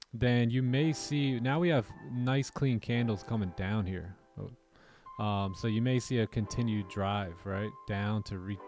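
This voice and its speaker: A man's voice: medium pitch, a little mellow. A man hosting a live trading stream, chatting casually and joking in slang while reading his charts. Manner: laid-back, joking with co-hosts, slangy. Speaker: trading livestream host. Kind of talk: casual livestream chat and chart commentary. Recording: faint music behind.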